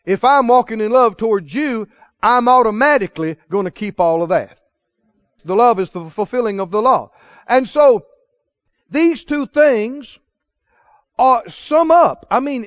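A man's voice: very high voice, lively intonation, normal speed, no echo, lo-fi sound. A man preaching a sermon, asking the congregation questions and repeating answers for them to call back. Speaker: pastor.

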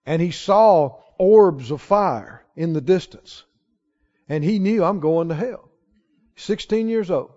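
A male pastor preaching a sermon to a congregation, emphatic and rising to shouts on key lines. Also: high voice, lively intonation, slow pace. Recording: dull sound with long hall reverb.

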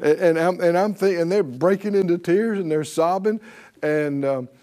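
A man's voice: high voice, normal speed, dark tone. A middle-aged man teaching a sermon in a chatty, folksy way, often laughing and acting out the people he quotes. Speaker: pastor teaching a faith class.

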